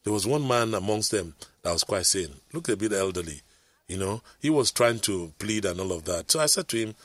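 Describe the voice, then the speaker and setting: A man's voice: fairly low pitch, lively intonation, fairly quick, no room sound. A middle-aged man, telling rambling stories in casual chat, with preachy asides.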